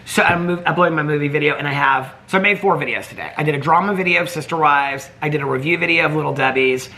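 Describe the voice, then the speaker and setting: A man's voice: a little high, quick pace, sharp tone. A man chatting casually in a home vlog, rambling from one thought to the next. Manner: chatty, rambling, talks to his pets in baby talk. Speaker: vlogger. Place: indoors at home.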